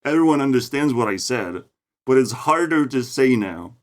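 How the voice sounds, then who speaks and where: A man's voice: sing-song, moderate pace. Ranting man with a Lithuanian accent. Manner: profane, mocking, swings between loud outbursts and low mutters. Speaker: vlogger. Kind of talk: ranting monologue. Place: outdoors in a forest.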